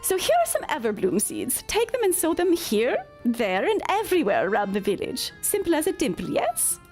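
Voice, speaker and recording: A woman's voice: high voice, wildly swooping pitch, moderate pace, darkish tone, faint music behind, voice pushed up, full character voice. A woman voicing a cheerful tiny pixie from a fairy village in a video game, with a bubbly, sing-song delivery. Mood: chirpy.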